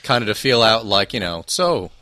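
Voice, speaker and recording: A man's voice: lowish voice, big pitch swings, moderate pace, sharp tone, dry recording, clean studio sound. Curious man hosting a chat podcast. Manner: curious, teasing interviewer. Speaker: podcast host. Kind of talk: casual chat.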